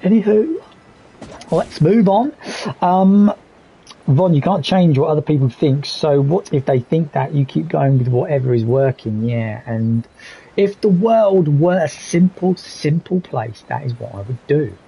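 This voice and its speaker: Gravelly, candid male streamer. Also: fairly high pitch, lively intonation, unhurried, mellow, low-quality recording. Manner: candid, reflective, reads chat aloud. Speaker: live streamer. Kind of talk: casual gaming stream commentary.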